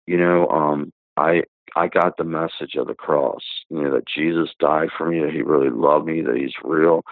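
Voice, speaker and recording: Really deep-voiced guy in his 50s, rambling testimony full of ums, tinny phone sound. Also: no echo. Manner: rambling, many fillers and restarts. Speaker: guest giving a testimony. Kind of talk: casual spoken testimony.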